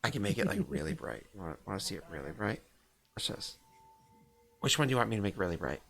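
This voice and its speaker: A man's voice: fairly low pitch, very animated, fast talker, gravelly, a bit bright. A man who runs the game and streams it, chatting casually and playfully from his home basement. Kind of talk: casual chat.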